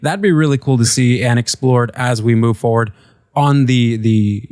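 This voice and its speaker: A man in a casual panel chat, thoughtful and halting, with many fillers. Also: medium pitch, a little mellow, smooth, no room sound, studio quality. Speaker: co-host.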